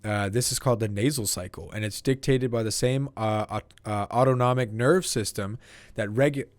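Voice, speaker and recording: A man's voice: on the low side, moderate pace, no room sound. A young man co-hosting a casual podcast, reading trivia aloud and stumbling over long words. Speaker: podcast co-host. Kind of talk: casual chat.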